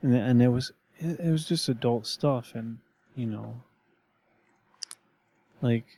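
Gravelly man rambling in casual chat. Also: medium pitch, takes it slowly, warm tone. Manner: rambling, full of fillers and restarts.

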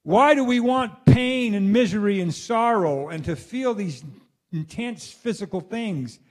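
High-voiced man in a dramatic monologue. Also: measured pace. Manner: animated, acts out exclamations, swears freely. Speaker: speaker addressing his listeners. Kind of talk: rambling spoken monologue to an audience.

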